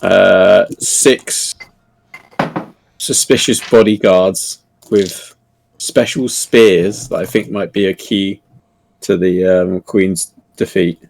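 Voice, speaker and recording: A man's voice: low voice, steady tone, slow pace, creaky, darkish tone, a little hiss or hum, poor audio. A man playing in a tabletop role-playing session, chatting casually with hesitant fillers and laughs. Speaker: player. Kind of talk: casual game chat.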